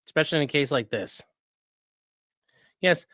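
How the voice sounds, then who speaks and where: A man hosting a livestream, commenting in a casual, jokey way, talking to chat and breaking into mock voices and sudden yells. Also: a little high, normal speed, no room sound, clean studio sound. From grew up in a rural area. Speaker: livestream host reacting to a trial.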